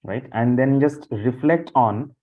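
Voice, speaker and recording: A man's voice: mid-range voice, slow. A man instructs a group over a video call, and the audio comes through dull and lo-fi. He talks off the cuff, circling back with fillers and repeated words as he explains. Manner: loose, repetitive talk with many fillers. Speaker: session instructor. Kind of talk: live online training session.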